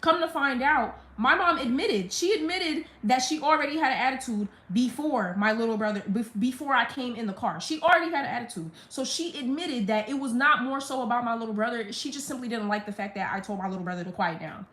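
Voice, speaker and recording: A woman's voice: fairly high pitch, fairly quick, hardly any pauses, a bit bright. A young woman on a live stream, venting a blunt, profane storytime rant about her family. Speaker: livestreamer. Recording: roomy echo.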